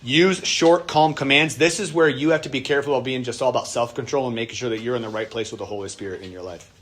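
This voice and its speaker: A man's voice: medium pitch, very fast, slight background noise. A man, a pastor, teaching a church workshop on parenting in a casual, conversational way, now and then acting out the voices of kids and parents.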